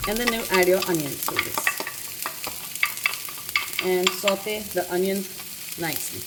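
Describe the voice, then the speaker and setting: A woman's voice: fairly low pitch, a little slow. A woman hosting a home cooking lesson, chatty and correcting herself as she explains each step in her kitchen. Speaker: cooking channel host. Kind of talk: casual cooking demonstration. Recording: loud kitchen noise behind. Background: frying and sizzling sounds.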